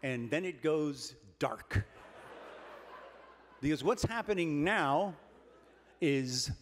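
An older man delivers a comic keynote speech in a dry, deadpan way, leaning on pauses to land his jokes. His voice sits a little high, and it rings out with a long reverb through a large banquet hall over a faint hum of room noise. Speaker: keynote speaker.

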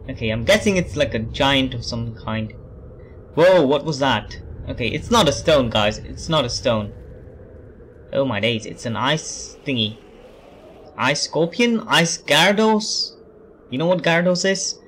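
A man's voice: mid-range voice, animated, measured pace, fairly bright tone, slight background noise. Rambling, self-deprecating man gaming. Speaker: let's play host. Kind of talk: casual gameplay commentary.

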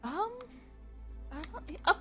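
A woman streamer chatting casually with her live audience, chatty and animated, swearing freely. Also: very high voice, takes it slowly, loud music behind the voice.

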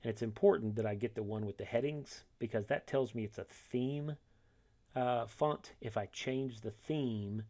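A man walking through a software tutorial step by step, reading each instruction and then demonstrating it, correcting himself along the way. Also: medium pitch, normal speed. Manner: methodical, reads steps then demonstrates, self-corrects.

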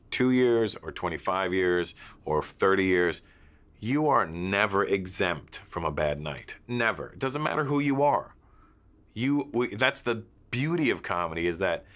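A man's voice: low voice, a bit bright. A male comedian speaking earnestly and emphatically in an interview.

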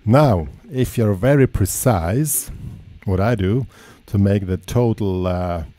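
A man giving a casual guitar lesson, talking in a relaxed, chatty way and counting in and scatting rhythms. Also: fairly low pitch, slow, no echo. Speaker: guitar teacher. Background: electric guitar playing.

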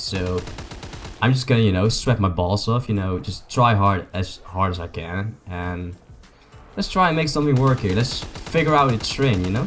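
A young man with a fairly low voice, a native Dutch speaker, talks through a video game session. He jokes, rambles and addresses his viewers while game music plays faintly behind him and gunfire pops now and then. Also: fairly bright tone. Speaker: gaming YouTuber. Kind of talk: casual gameplay commentary.

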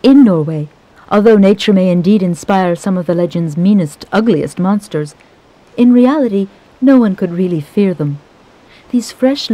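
A woman reading a scripted travel documentary narration in a measured storytelling manner. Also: lowish voice, warm tone.

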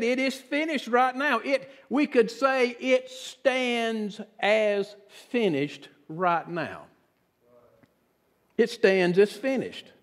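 A high-voiced man preaches slowly and deliberately, lingering on his words. His delivery is earnest and dramatic, sinking into hushed tones for emphasis. The sound carries the long reverberation of a church sanctuary. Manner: earnest, dramatic preaching with sudden drops to a hush. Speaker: pastor. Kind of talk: sermon.

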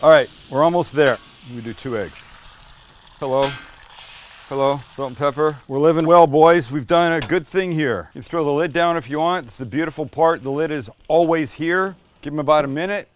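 A man's voice: a little high, a little hiss or hum. A man hosting a cooking show, chatting casually and enthusiastically as he cooks, swearing now and then and joking with his crew. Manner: talks to the camera crew by name.

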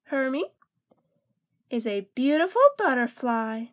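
A woman reads a children's picture book aloud, her voice very high and unhurried. She lingers over each phrase and gives it gentle expression, the way one reads to small children. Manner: slow, gentle, expressive reading. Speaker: storyteller. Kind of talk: storybook read-aloud for children.

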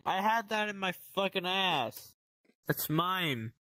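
A man's voice: sits high, animated, slow pace, pushed and bright, no room sound, clean studio sound. A young man making crude jokes and swearing in casual VR game chat.

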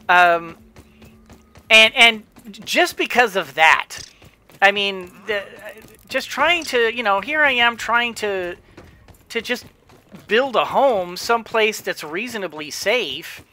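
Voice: medium pitch, lively intonation, takes it slowly, pushed and bright. A gamer giving casual gameplay commentary, rambling with frequent restarts and chuckling to themself. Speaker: let's play gamer.

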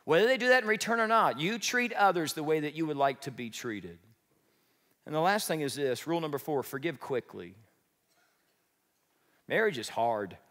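A man preaching a sermon as pastor, lively and joking, sometimes acting out what people say. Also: on the high side, normal speed, pauses often. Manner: lively, joking, acts out quoted speech. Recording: reverberant church hall.

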